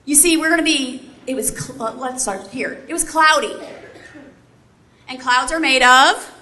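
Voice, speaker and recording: A woman's voice: high-pitched, unhurried, sharp tone. A middle-aged woman giving a speech to a live audience, telling a story animatedly and quizzing her listeners. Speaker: keynote speaker, former Army helicopter pilot. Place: large room before a live audience. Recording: echoey hall, faint ambience.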